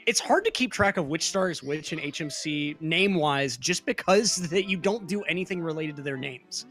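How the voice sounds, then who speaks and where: Higher-voiced male speedrun commentator. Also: animated, a bit bright, faint music behind. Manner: friendly, reacts quickly to plays. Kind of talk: casual play-by-play commentary.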